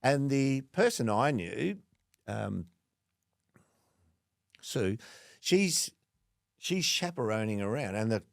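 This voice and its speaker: A middle-aged Australian man tells a story in a relaxed interview, voicing the people in it as he goes. His voice has a gravelly edge, and the close mic keeps it dry. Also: mid-range voice, slow, pauses often, no room sound. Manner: animated anecdote-telling, acting out quotes. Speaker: guest, former football player.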